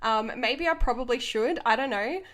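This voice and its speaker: A woman's voice: fairly high pitch, normal speed, a bit bright. A young woman hosting her own podcast as a coach, talking unscripted in an earnest, passionate way and laughing between thoughts. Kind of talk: unscripted motivational podcast monologue.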